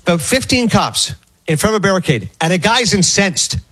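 High and husky, this man's voice races through his stories as a radio co-host. His casual storytelling chat wanders freely, and he brings it to life by performing the quotes.

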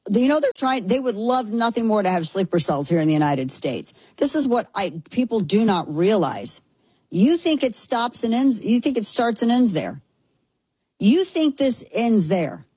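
A woman's voice: medium pitch, darkish tone, breathy edge, dry recording, poor audio. A woman giving opinionated commentary, emphatic and indignant, often restarting her sentences. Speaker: political commentator.

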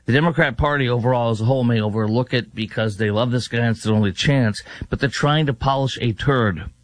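A man's voice: medium pitch, fast. A man hosting a political talk radio show, sarcastic and mocking, firing off rhetorical questions.

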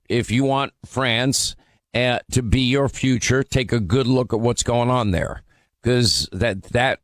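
Man, radio show host, mid pitch, emphatic, halting restarts, dry studio sound. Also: no room sound. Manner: emphatic, frequent fillers and restarts. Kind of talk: call-in radio talk.

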